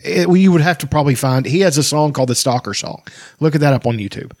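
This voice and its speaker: A man's voice: on the high side, fast, a little mellow, no echo, studio quality. A man, chatting casually as a podcast host, rambling, swearing and laughing often. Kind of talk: casual chat.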